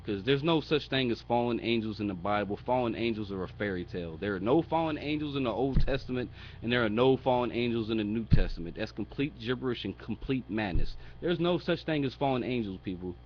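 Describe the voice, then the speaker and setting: A man's voice: medium pitch, animated, brisk, lo-fi sound, slight background noise. A man giving an informal bible teaching, blunt and mocking, with profane asides, reading verses aloud in a raised voice. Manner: reads scripture aloud in raised voice.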